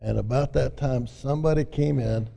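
A man's voice: medium pitch, moderate pace, gravelly, mellow. An older man from Arkansas with a Southern accent tells his recovery story to a meeting, folksy and full of "you know" fillers. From Arkansas, USA. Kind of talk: personal testimony talk. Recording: echoey hall, mic at a distance.

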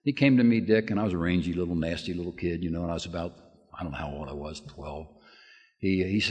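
A man's voice: low-pitched, quick pace, a little mellow. An older man giving a lead at a recovery meeting, a folksy storyteller who laughs and restarts his sentences often. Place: meeting room with audience. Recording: hall with long reverb.

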